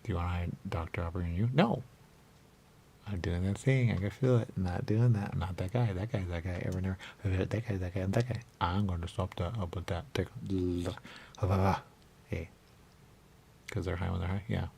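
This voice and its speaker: A man's voice: low-pitched, steady tone, fairly quick, vocal fry, mellow, a little hiss or hum. A man hosting a radio show, rambling comically and repeating himself, often breaking into silly voices.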